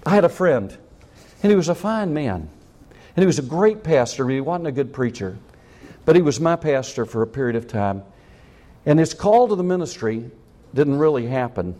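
A man's voice: on the high side, sing-song, normal speed, warm tone. A man preaching a sermon, cracking jokes and acting out scenes in voices. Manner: jokey, acts out scenes in voices. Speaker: pastor.

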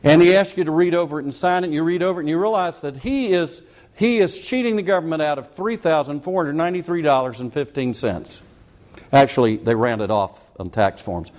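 A man's voice: on the high side, brisk, darkish tone. An older male pastor preaching a folksy, conversational sermon full of asides and rhetorical questions.

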